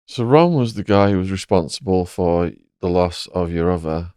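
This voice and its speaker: A man's voice: low voice, normal speed, darkish tone, clean tone, dry recording, studio quality. A man hosting a podcast, asking prompting questions in a conversational way. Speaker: podcast host. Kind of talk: interview questions.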